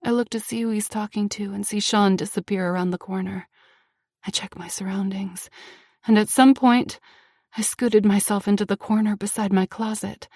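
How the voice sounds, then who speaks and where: A young woman reads first-person audiobook narration with strong feeling. She turns tense, then drops to a hushed tone. Her voice sits at a middling pitch, with a dry, close sound. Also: steady tone, normal speed, no room sound. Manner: emotional, shifting between tense and hushed.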